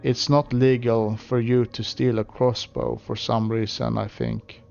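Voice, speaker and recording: A man's voice: medium pitch, little pitch movement, measured pace, gravelly, a little mellow, highs cut off, soft background music. A man streaming a game, giving casual commentary with hesitant "uh"s and side remarks. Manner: hesitant, with frequent "uh" and asides.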